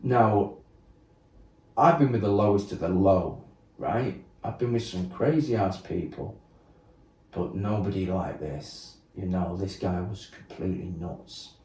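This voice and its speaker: Male guest, low voice, sweary candid storyteller, distant mic. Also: a little slow, a little mellow. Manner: blunt, swears, acts out quotes, many fillers. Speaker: podcast guest. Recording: roomy sound, distant mic.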